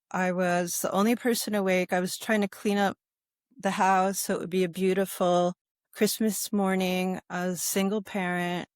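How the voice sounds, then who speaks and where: A woman yoga instructor talking in a calm interview, with a soothing, guiding manner and a habit of asking "right?". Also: mid-range voice, smooth, dry recording, clean studio sound. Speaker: yoga instructor and sobriety guest. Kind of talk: calm conversational interview talk.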